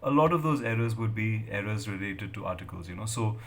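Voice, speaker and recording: A man's voice: on the low side, fairly even intonation, fairly quick, a little hiss or hum. A middle-aged man, giving a lecture on academic writing with many fillers and checks of "right?". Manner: hesitant, many fillers and tag questions. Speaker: English lecturer.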